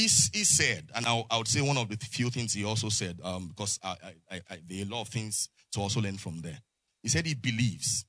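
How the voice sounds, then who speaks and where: A man's voice: fairly low pitch, bright, forceful tone, no echo. A man preaching a sermon to his congregation, prompting them with call-and-response and frequent amens. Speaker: pastor. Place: church.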